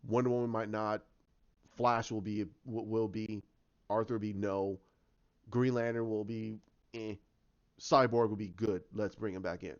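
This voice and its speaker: A man voicing a gruff, brooding superhero detective with a low, curt, dry delivery. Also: steady tone, measured pace, pauses often. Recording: dull lo-fi sound.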